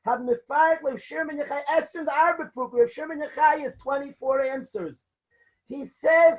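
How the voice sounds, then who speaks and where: A man's voice: very high-pitched, moderate pace, poor audio. A man who is a rabbi, telling a story with animation in a sermon to students. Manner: animated storytelling, rising to emotional peaks.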